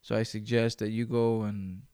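A man's voice: lowish voice, level tone, normal speed, warm tone, clean tone. A man hosting a solo podcast, talking in a loose, rambling way full of swearing. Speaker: podcast host. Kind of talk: casual solo podcast monologue.

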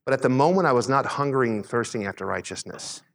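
A middle-aged man preaching a sermon, a pastor telling a personal story in a conversational, animated way. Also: creaky, in a large hall. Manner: conversational preaching, animated retelling with quick pitch swings.

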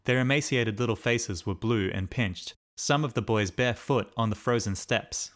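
A man narrating a diary as an audiobook in a steady, measured reading. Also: fairly low pitch.

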